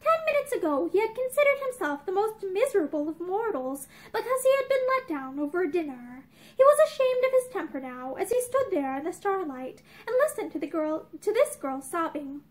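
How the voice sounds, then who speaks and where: A woman's voice: very high voice, very animated, fairly quick. Young woman reading a novel aloud. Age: young adult. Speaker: narrator. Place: indoors, room with bookshelves.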